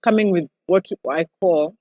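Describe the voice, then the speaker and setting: A woman's voice: on the low side, moderate pace, dark tone. A young woman doctor with a Kenyan accent, chatting animatedly in an interview and slipping Swahili phrases into her English. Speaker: newly qualified doctor, guest. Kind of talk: casual interview chat.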